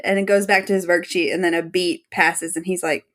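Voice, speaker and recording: A woman's voice: medium pitch, steady tone, a little fast, few pauses. A woman co-hosting a casual podcast chat, animatedly retelling scenes, acting out lines, swearing freely and laughing often. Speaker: podcast co-host.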